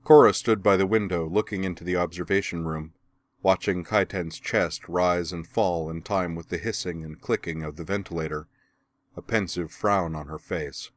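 A man narrating an audiobook of fan fiction in a steady, even storytelling manner. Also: sits low, moderate pace, no room sound.

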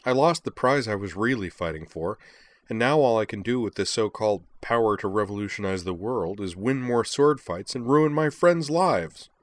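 A man's voice: lowish voice, lively intonation, moderate pace, no echo, close to an everyday voice. A man reading a frustrated young woman's lines in a story, lifting his voice a little for her.

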